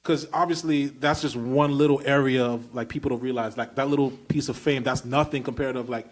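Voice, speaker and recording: Eager and emphatic, a Brooklyn podcast host keeps the conversation casual with loose, slangy phrasing in his Brooklyn accent. His voice is mid-range and fairly quick, with fairly even intonation.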